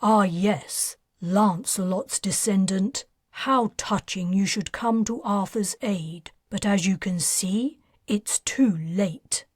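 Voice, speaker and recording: A woman voicing a cold, menacing male alien sorcerer who speaks slowly and low. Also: slightly rough, no echo, clean studio sound. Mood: cold menace.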